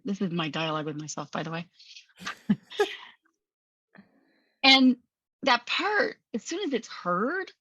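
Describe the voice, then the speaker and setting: A woman hosting a podcast, talking in an animated, emphatic coaching manner and laughing often. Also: medium pitch, slow, long pauses, slightly rough, no echo, muffled recording. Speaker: podcast host. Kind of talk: conversational coaching talk.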